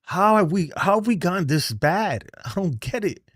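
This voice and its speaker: A man's voice: high-pitched, lively intonation, normal speed, fairly bright tone, slightly rough, no echo, clean studio sound. A man hosting a baseball fan show, ranting heatedly on a livestream and reading chat messages, exasperated, profane, and often repeating himself.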